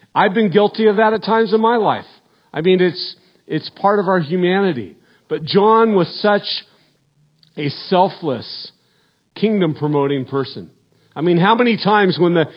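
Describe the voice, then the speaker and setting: A middle-aged man preaching a sermon as pastor, earnest and repeating words, his voice falling low at the end of points. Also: dull audio. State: emotional, choked up.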